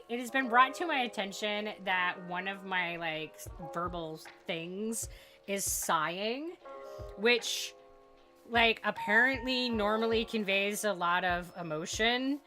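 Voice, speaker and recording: A woman's voice: mid-range voice, unhurried, faint music behind. A woman streamer chatting casually with her viewers, telling candid stories and acting out both sides of conversations. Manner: candid, animated storytelling with quoted voices. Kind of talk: casual chat.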